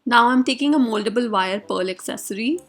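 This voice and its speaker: A woman's voice: on the high side, fairly quick, soft background music. A young woman from India narrating a hair styling tutorial as a voice-over, with sarcastic, teasing asides to the viewer. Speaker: beauty vlogger.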